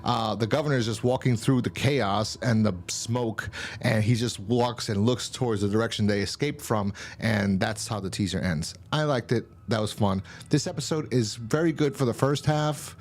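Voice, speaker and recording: A man's voice: lowish voice, moderate pace. A man casually recapping a TV episode as a reviewer, rambling and slangy with lots of fillers. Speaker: TV show reviewer.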